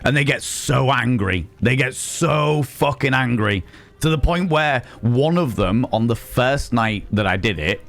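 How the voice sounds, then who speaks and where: A man, a streamer and sex educator, chatting casually and telling animated, wry stories while swearing freely. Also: fairly low pitch. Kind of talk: casual live-stream chat.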